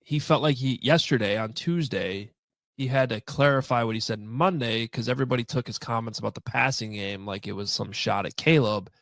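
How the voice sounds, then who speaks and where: A man co-hosts a sports podcast with a gravelly voice, recorded close and dry. He talks in a chatty, loose way with lots of fillers. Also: mid-range voice, fairly quick, fairly bright tone, dry recording. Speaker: podcast co-host. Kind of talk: casual podcast chat.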